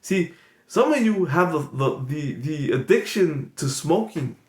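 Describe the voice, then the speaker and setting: A man's voice: fairly high pitch, animated, measured pace. Rambling man hosting improv comedy. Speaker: comedy channel host. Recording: echoey room, loud background noise.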